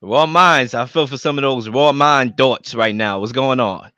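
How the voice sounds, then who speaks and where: A man's voice: medium pitch, unhurried, smooth, no echo, highs cut off. A man hosting a sports podcast, posing the debate questions and handing the mic to his guests. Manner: lively, animated questioning. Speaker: podcast host.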